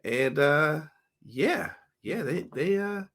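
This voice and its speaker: Guy hosting a live podcast, a bit hoarse, upbeat, shouting out chat folks. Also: on the high side, animated, takes it slowly. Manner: upbeat, greets chat viewers by name. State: slightly hoarse voice. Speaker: podcast host. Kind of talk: casual livestream chat.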